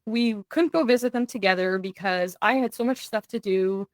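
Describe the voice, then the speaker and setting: At a normal speed and in a mid-range voice, a young adult woman shares a personal story as a guest on a podcast, with no room sound. She's earnest, narrating in vivid bursts and voicing quoted lines from others.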